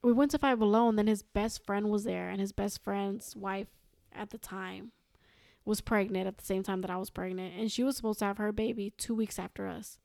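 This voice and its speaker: A woman's voice: mid-range voice, fairly even intonation, a little fast, gravelly, a little mellow, no room sound, studio quality. A young woman, a podcast guest, telling a long personal story in casual chat, quoting herself and others again and again. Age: young adult. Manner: rambling, quotes herself and others with "I was like".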